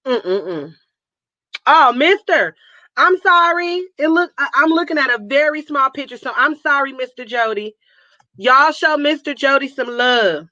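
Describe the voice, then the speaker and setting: In a dry, dull-sounding recording, a Northern California woman cheerfully hosts a casual livestream, calling out where viewers are tuning in from and giving them hype nicknames. Her voice sits high and sounds expressive, bright, and forceful, with an unhurried pace.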